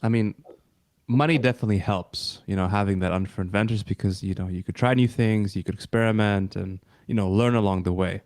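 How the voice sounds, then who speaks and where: Low-voiced man hosting, dry sound. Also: fairly even intonation, fairly quick, darkish tone, dry recording. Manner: hesitant, many fillers and restarts. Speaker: podcast host. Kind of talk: interview questions, casual.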